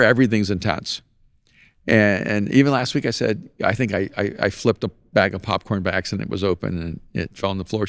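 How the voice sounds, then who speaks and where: A man's voice: fairly low pitch, creaky, no echo, clean studio sound. A man hosting a podcast in casual conversation, telling stories with animation and laughing often at his own anecdotes. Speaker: podcast host.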